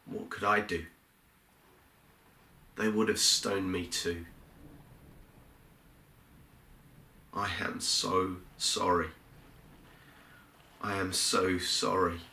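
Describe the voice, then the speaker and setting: A man gives voice to a fisherman disciple, ashamed and afraid, in a first-person church monologue. His voice sits low and moves very slowly, with a bright, forceful tone. The words ring around an echoey church room. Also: little pitch movement, creaky, full character voice. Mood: remorseful. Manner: earnest, halting storytelling with quiet, heavy pauses. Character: remorseful male fisherman disciple, fearful and ashamed. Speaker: actor in a dramatic monologue.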